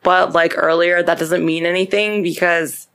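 A woman's voice: lowish voice, moderate pace. Profane woman telling a crime story. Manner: profane, animated retelling with acted quotes. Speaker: podcast host. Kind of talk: casual true-crime storytelling.

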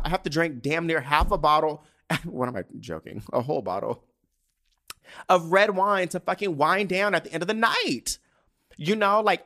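A man's voice: fairly high pitch, pushed and bright. A man from San Diego hosting a podcast, telling a story in a brash, campy, profane casual monologue full of restarts. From San Diego, California. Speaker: podcast host.

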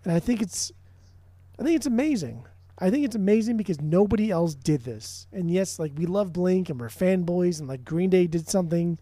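A man's voice: sits high, animated, normal speed, warm tone, dry recording. A man co-hosting a podcast in casual music chat, rambling, swearing often and restarting his sentences. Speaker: podcast co-host.

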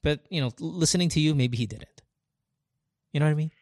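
Podcast host, man, gravelly, dry close sound, earnest and rambling. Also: a little high, quick pace, a little mellow, dry recording. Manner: rambling, restarts often, earnest. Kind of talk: casual heartfelt conversation.

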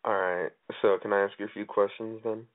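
A man in his twenties calls in to a radio show and talks hesitantly in a flat, deadpan manner. His voice sits somewhat low for a man. The call comes through a tinny, narrow phone line. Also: a little fast. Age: 20s. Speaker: caller.

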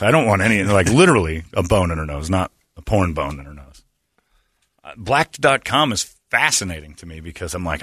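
A middle-aged man hosting a casual comedic chat, telling stories with loud high-pitched impressions of other people. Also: very animated, a little fast, slightly rough, no room sound, studio quality. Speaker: podcast host.

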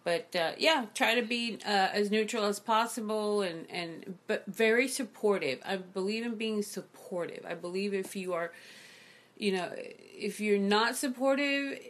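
A woman's voice: medium pitch, measured pace. A woman hosting a show, chatting casually on a video call through a condenser mic and acting out the people she quotes. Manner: animated storyteller who acts out quoted people. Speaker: show host. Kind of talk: casual chat.

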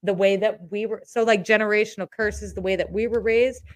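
A woman's voice: mid-range voice, fairly even intonation, a little fast. A woman in her thirties, a parent, chatting casually as a podcast co-host in a reflective, hesitant way with many restarts. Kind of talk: casual chat.

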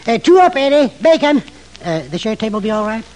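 An actor in an old radio drama playing a nosy, chatty old hotel clerk with a gossipy, nervous drawl. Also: male voice, very high voice, big pitch swings, brisk, darkish tone. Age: older. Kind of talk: 1950s radio drama acting. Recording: old radio broadcast with faint noise.

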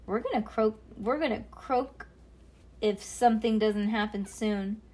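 A woman doing a loud, boastful young boy. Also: on the high side, unhurried. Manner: loud, insistent, shouting. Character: boisterous boy who craves excitement.

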